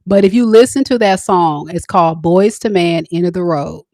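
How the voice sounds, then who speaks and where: A playful woman tarot reader chats and teases her viewers in a loose, casual reading. Her voice sits low for a woman and sounds dry and close. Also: normal speed, a little mellow, no room sound. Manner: playful, chatty, teasing viewers.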